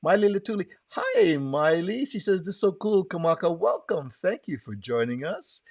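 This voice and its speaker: A man's voice: sits high, lively intonation, fairly quick, darkish tone, no room sound, clean studio sound. A man from Hawaii hosting a live online show, chatting with his guest and greeting viewers by name in a friendly way. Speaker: host. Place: Southern California.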